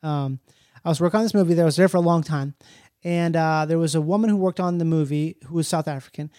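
A man guesting on a comedy podcast, his voice pitched unusually high for a man. He tells laid-back, rambling anecdotes, and the mic sound is dry and close. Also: fast talker, mellow, dry recording. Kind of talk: casual podcast chat.

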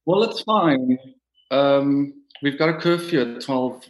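A man from Africa, calling in for advice, speaking in a relaxed, slightly hesitant way. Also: mid-range voice, takes it slowly. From South Africa. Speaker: caller. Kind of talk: phone-in advice call.

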